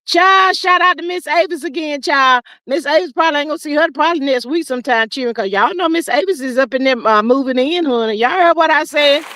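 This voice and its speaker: In her easygoing gossip livestream, an older woman drawls in a folksy manner, dragging out her words and calling people child and honey. Her voice is high and slightly bright, captured in a dry recording.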